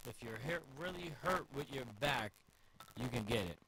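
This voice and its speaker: A man's voice: medium pitch, animated, moderate pace, a crowd in the background, rough recording. A man in a casual podcast chat who jokes around, talks loosely and swears freely.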